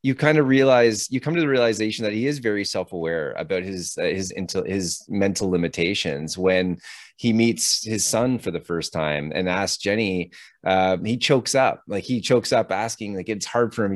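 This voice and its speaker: Low-voiced man in animated casual chat. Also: normal speed, no echo, studio quality. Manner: animated storyteller, laughs often, acts out quotes. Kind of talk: casual chat about a film.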